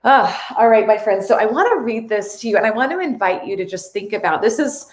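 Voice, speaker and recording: A woman's voice: on the high side, expressive, a little fast, echoey room. A woman hosting a casual live stream, earnest and tearful, reading viewer comments aloud.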